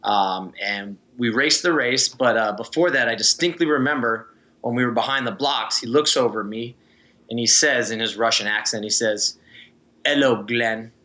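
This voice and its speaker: A man's voice: mid-range voice, normal speed, pushed and bright. A man, a former swimmer, chatting as an interview guest and telling easygoing stories with frequent laughs. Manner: storytelling, easygoing, laughs often. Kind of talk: casual interview chat.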